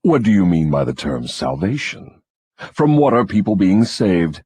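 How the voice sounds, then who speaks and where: A man's voice: low-pitched, sing-song, measured pace, darkish tone, breathy edge, no echo, exaggerated voice. A man voicing a scornful, cunning devil who gloats and lectures in a mocking audiobook dramatization.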